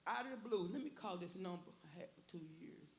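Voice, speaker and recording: A woman's voice: fairly low pitch, lively intonation, a little fast, gravelly, a little mellow. A woman giving an earnest personal testimony in church, repeating phrases and quoting her own prayers. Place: church sanctuary. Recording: echoey church with faint hiss.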